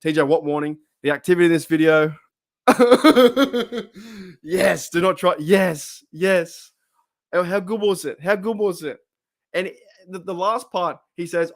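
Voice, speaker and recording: A man's voice: high-pitched, measured pace. A middle-aged Australian man hosting a casual live stream, chatting, rambling and laughing often as he reads viewer comments.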